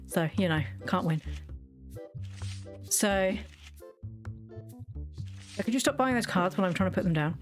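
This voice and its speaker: A woman, chatting and telling wry family stories while she plays, laughing now and then. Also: medium pitch. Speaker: gaming streamer. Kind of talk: casual storytelling while playing.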